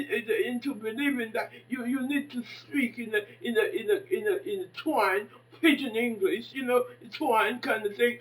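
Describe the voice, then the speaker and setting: A woman in her fifties giving an impassioned monologue, dramatic and exclaiming, swinging between hushed and loud. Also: fairly high pitch, expressive, moderate pace, distant mic, rough recording. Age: 50s. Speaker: poet and commentator.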